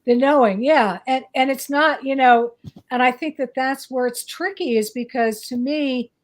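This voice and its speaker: A high-voiced woman from the northeastern United States chats casually as a psychic guest, speaking at normal speed. She rambles and hesitates, using many fillers.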